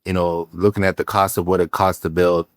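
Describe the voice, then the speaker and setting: A man, a real estate entrepreneur telling animated stories as a podcast guest, acting out the quotes with many fillers and restarts. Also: low-pitched, fairly quick, dry recording, studio quality. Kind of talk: casual storytelling interview.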